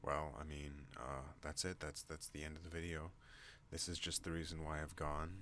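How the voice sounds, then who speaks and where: A man hosting an ASMR vlog, rambling in a soothing, deliberately deep and slow voice. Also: flat delivery, fairly bright tone, slight background noise. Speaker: ASMR channel host.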